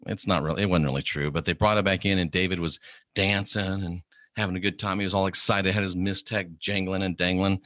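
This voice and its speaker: Middle-aged male host, lively preachy delivery, crisp bright tone, dry room. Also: on the low side, dry recording. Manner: animated, preachy, contrarian rants with mimicked quotes. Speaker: host of an online channel. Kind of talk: livestream monologue.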